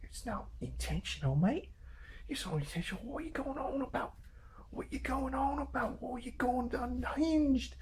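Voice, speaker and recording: A man putting on a high, whiny falsetto to mock neighbors who taunt him in a singsong, mock-sympathetic way. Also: lively intonation, moderate pace, darkish tone, slight background noise. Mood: sneering.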